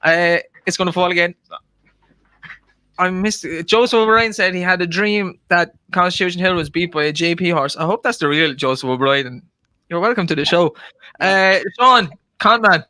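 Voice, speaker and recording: A man hosts a betting podcast with quick jokes and teasing banter. His voice sits high and bright. The sound is dry and close to the mic. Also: no echo. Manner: joking, teasing, laughs often. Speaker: podcast host.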